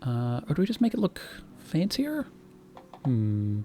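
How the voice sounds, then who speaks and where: A man's voice: medium pitch, wildly swooping pitch, a little slow, dark tone, faint music behind. A man streaming a game, casually thinking aloud and muttering to himself as he plays. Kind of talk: casual gameplay commentary.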